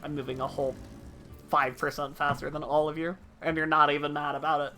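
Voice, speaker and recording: A woman's voice: low voice, little pitch movement, a little fast, a bit bright, faint music behind. A woman streaming a game live, chatting casually, thanking viewers and joking.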